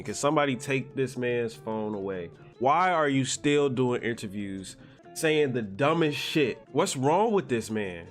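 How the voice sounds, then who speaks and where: A young man giving a profane, exasperated commentary rant, swinging from slow mutters to shouting. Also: medium pitch, lively intonation, faint music behind. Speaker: anime commentator. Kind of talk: ranting video commentary.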